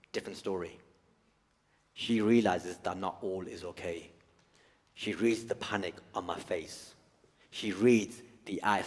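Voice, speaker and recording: A man from the United Kingdom doing live stand-up comedy on a theatre stage, animated and given to shouted outbursts. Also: sits low. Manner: animated, shifts to shouted outbursts for acted rants. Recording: live hall with long reverb.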